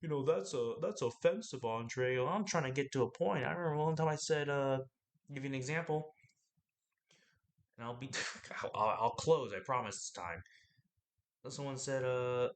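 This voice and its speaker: A man hosting a podcast, giving an animated, preachy motivational talk that rambles and fires questions at the listener. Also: mid-range voice, moderate pace, pauses often. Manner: animated and preachy, asks the listener questions, acts out other people's lines; rambling, with laughs and restarts.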